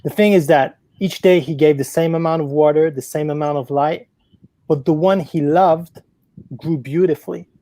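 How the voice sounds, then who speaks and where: Woman co-host with a mellow voice, chatty. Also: sits low, moderate pace, no echo, rough recording. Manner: chatty, lots of "like" and "you know" fillers. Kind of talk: casual live-stream chat.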